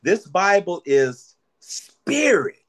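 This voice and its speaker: A man preaching a sermon, lively and preacherly, repeating phrases for emphasis. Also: high-pitched, extremely slow.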